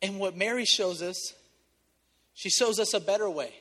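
A man preaching a sermon, emotional and close to tears, moving from loud appeals to soft, gentle asides. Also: high-pitched, normal speed, long pauses, big-room sound, soft background music. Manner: emotional, swinging from loud exhortation to soft intimacy. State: tearful.

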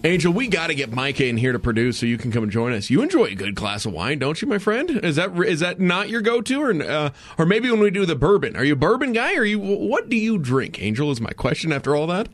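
A man's voice: fairly high pitch, sing-song, fast talker, hardly any pauses, soft background music. A man hosting a morning radio show, chatting casually and joking at his own expense. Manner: jokey, rambling, self-deprecating. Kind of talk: casual on-air chat.

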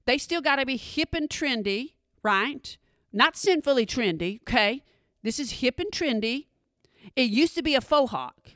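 Lady doing standup, sassy, dry asides, slightly high voice. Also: animated, unhurried, fairly bright tone, no room sound. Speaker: comedian. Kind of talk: stand-up comedy.

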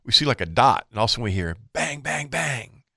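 A man co-hosting a fishing show, telling a long hunting story in a relaxed, chatty way and acting out what each person said. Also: medium pitch, fast talker, gravelly, husky, no echo, studio quality. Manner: animated storyteller, acts out quoted exchanges. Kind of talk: casual storytelling.

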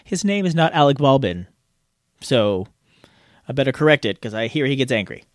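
Male podcast co-host, goofy and self-mocking, animated pitch, very dry close sound. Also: moderate pace, no echo. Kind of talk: casual podcast outtakes.

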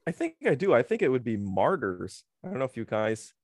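Lively male podcast co-host. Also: mid-range voice, fairly quick. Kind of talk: casual chat.

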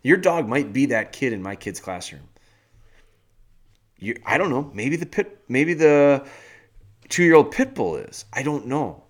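A man hosting a dog-training podcast, delivering a blunt, animated rant in a casual way. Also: medium pitch. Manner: blunt, animated, firm and fast-talking. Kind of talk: casual ranting monologue.

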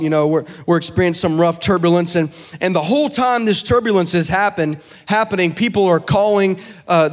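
A young man preaching a sermon to a live congregation, moving from easy storytelling to chanted, shouted climaxes. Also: sits high.

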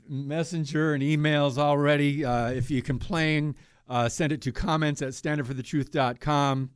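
A man hosting a Christian talk radio show, giving heated, preachy commentary that swings between loud outbursts and quiet asides. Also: fairly high pitch, fairly even intonation, normal speed, clean tone, dry recording, faint music behind.

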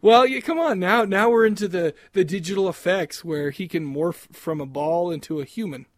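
A man's voice: high voice, moderate pace, no room sound. Giggly rambling man, dry close mic. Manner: rambling, giggly, crude jokes. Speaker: podcast co-host. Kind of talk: casual chat.

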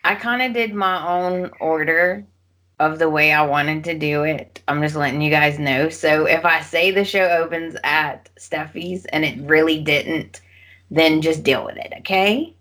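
A woman's voice: deep voice, unhurried, fairly bright tone. A woman hosting a podcast, casually recapping soap opera episodes and acting out the characters' lines as she tells the story. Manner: chatty storyteller who acts out characters' lines. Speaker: podcast host.

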